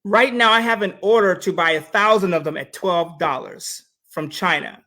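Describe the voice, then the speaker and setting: Man co-hosting casual panel talk, animated storyteller, bright forceful voice, talks straight to viewers. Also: sits high, moderate pace. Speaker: co-host.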